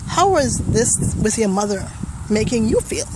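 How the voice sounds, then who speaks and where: A young woman with a somewhat high voice gives a personal testimonial. She tells it vividly and acts out the voices and thoughts she remembers. Faint background noise sits under her voice. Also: very animated, a little slow. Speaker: testimonial speaker.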